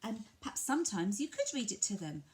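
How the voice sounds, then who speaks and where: An English woman from a family centre explains to parents how to share a picture book, talking gently and patiently and switching to a bright sing-song voice when modelling words. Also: medium pitch, very animated, fast, a little hiss or hum. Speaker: family centre early language worker. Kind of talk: instructional talk to parents, demonstrating a picture book.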